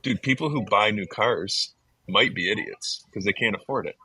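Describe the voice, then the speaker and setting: A man's voice: lowish voice, normal speed, bright, forceful tone, husky, no room sound, rough recording. A man hosting a podcast, chatting enthusiastically and casually with his guest. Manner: enthusiastic, chatty, says "dude". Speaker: podcast host. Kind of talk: casual conversation.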